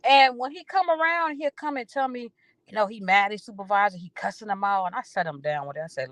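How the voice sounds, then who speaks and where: A woman's voice: medium pitch, fast talker, fairly bright tone, no echo. A woman hosting a casual storytelling chat, blunt and profane, repeating phrases for emphasis and acting out both sides of her conversations.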